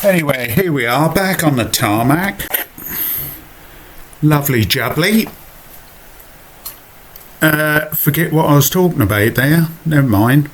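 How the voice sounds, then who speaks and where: A man's voice: a little high, expressive, measured pace, long pauses, a bit bright, slight background noise. A man with a Suffolk accent narrating his own cycling video in a chatty, self-mocking voiceover full of asides. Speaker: vlogger.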